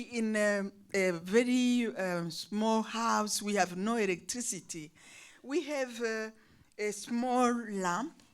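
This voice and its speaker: Older woman, guest speaker; slow, lively-pitched, halting delivery with restarts. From Burundi. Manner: halting, restarts words, nonstandard phrasing. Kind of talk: personal testimony.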